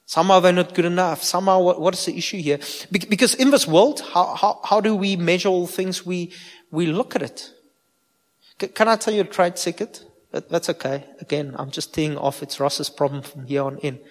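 Pastor preaching in a reverberant hall. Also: male voice, sits high, brisk. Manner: informal, addresses listeners with direct questions, frequent restarts. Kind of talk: conversational sermon.

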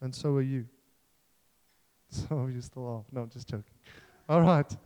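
A man's voice: medium pitch, measured pace, mellow, long reverb tail. A man preaching a sermon in an earnest, self-deprecating way, joking and restarting as he talks.

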